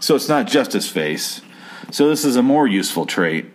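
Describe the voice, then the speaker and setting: A man's voice: medium pitch, very animated, normal speed. A man in his thirties casually recapping a TV episode, rambling and crude, acting out the characters' lines. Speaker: show recapper.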